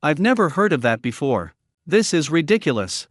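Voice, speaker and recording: A man's voice: fairly high pitch, very animated, normal speed, dry recording, clean studio sound. A man voicing a male company boss who speaks with incredulous disbelief.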